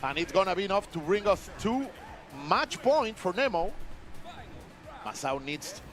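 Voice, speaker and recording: A man commentating a fighting-game match, from Mexico, giving excited play-by-play and relaxed banter. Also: sits high, unhurried, faint music behind. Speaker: esports commentator.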